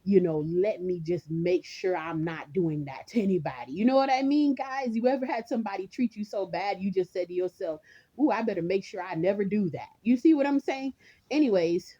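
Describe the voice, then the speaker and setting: A woman's voice: medium pitch, fairly quick, mellow, husky, highs cut off. A woman vlogger in a casual rant, rambling and chatty, talking straight to her viewers and laughing often.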